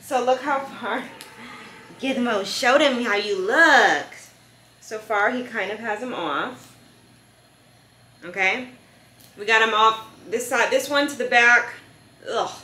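A woman's voice: on the high side, slow, long pauses. Young female vlogger, casual and chatty, echoey home room. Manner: chatty, coaxing softly with her dog. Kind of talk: casual chat to camera.

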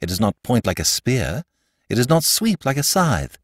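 A man voicing a mild, dreamy priest detective who speaks in a low, musing, solemn way. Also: expressive, moderate pace, no echo, clean studio sound. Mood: earnest.

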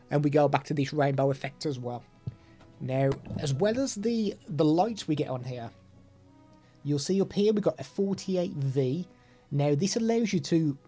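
Mellow man demoing gadgets live. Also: on the high side. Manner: chatty, self-deprecating asides. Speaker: streamer reviewing products. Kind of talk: live-stream gadget demo. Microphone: studio microphone.

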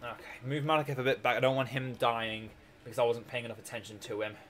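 During a strategy game stream, a young Scottish man with a sore throat keeps up casual chat, rambling, joking and often laughing. He speaks fast at a medium pitch, fairly even in intonation and a bit bright, with slight background noise.

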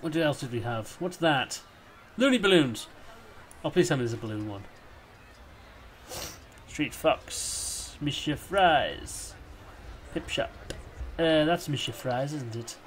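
A young man chats his way through a building game, rambling and half-talking to himself. His fairly high voice swings widely and breaks into goofy shouts. A faint hiss sits under the recording. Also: animated, slow, pauses often. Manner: chatty, rambling, bursts into silly shouts. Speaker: gameplay commentator. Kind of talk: casual let's-play commentary.

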